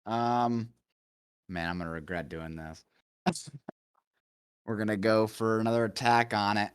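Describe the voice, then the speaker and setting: A man at a tabletop game grumbles and curses his luck, then laughs it off. His voice is lowish and smooth. It sounds dry and close to the mic. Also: steady tone, measured pace, dry recording.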